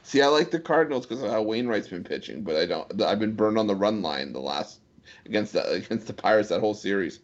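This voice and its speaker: Male co-host, low voice, argumentative, dull lo-fi mic. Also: lively intonation, fast. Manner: argumentative, defends his picks. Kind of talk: casual sports betting chat. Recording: dull lo-fi sound.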